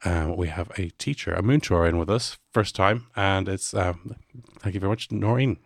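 A man's voice: deep voice, normal speed, creaky, no room sound, clean studio sound. A middle-aged man with an Irish accent hosting a podcast in casual chat, talking in loose, restarting sentences. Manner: chatty, laughs often, restarts sentences. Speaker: podcast host. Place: studio.

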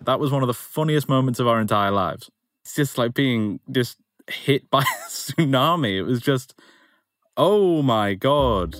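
Animated young Englishman telling a story. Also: mid-range voice, moderate pace, no room sound, clean studio sound. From England. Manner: animated, casual, filler-laden. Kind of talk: interview storytelling.

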